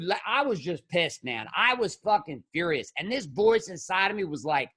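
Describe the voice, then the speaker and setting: A man speaking as a podcast guest and men's coach, blunt and profane, swinging between shouted outbursts and low, intense stretches. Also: big pitch swings, normal speed, hardly any pauses. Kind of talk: impassioned conversational monologue.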